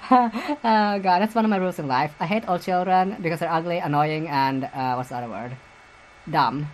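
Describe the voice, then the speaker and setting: Giggly low-voiced woman rambling about gossip. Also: normal speed, slight background noise, rough recording. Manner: crude, giggly, rambling with many fillers and restarts. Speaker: podcast host. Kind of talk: rambling solo commentary on celebrity gossip.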